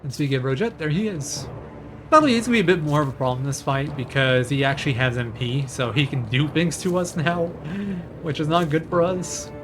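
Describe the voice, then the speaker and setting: A man's voice: fairly high pitch, a little fast, fairly bright tone, slight background noise. Casual speedrunner man thinking aloud. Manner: casual, chatty, thinking aloud while playing. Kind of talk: live speedrun commentary. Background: game music.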